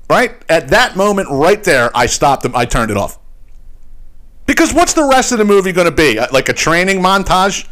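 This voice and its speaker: A man's voice: sits high, moderate pace. Profane man ranting animatedly. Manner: profane, animated storytelling with mock voices. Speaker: podcast host. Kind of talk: casual ranting monologue.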